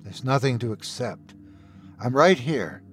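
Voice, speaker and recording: A man voicing a gentle, protective older brother who speaks softly and shakily to comfort him. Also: medium pitch, lively intonation, a little slow, soft background music. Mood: soothing. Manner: soft, shaky, hushed.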